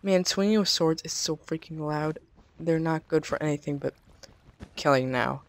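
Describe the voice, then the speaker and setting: A woman's voice: sits low, moderate pace. A woman hosting a let's play, giving jittery gameplay commentary, exclaiming often and talking to her viewers.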